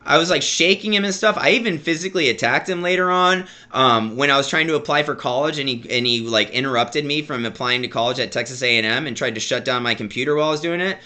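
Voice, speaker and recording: A man's voice: medium pitch, quick pace, few pauses, sharp tone. A man in his thirties telling a personal story in a casual vlog, rambling, stammering and repeating words as he talks to his viewers. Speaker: vlogger.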